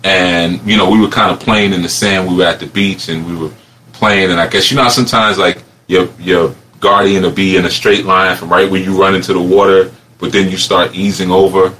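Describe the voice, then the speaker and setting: A man telling a reflective personal story in a rambling, animated way, laughing often as he goes. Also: low-pitched, brisk, a little hiss or hum.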